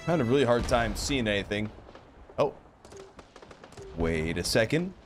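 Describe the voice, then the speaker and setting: A man's voice: lowish voice, sing-song, normal speed, over music. A man giving live commentary over his own gameplay, exclaiming and swearing as the action unfolds. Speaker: gaming video host.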